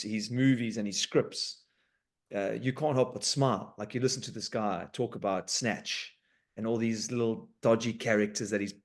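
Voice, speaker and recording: A man hosting a podcast in casual chat, animated and informal, with sweary banter. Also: fairly low pitch. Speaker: podcast host.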